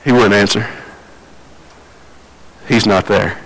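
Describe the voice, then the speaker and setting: A man preaching a sermon, telling the story with big swings between loud and quiet and repeating phrases for emphasis. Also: lowish voice, steady tone, slow pace, slight background noise, poor audio.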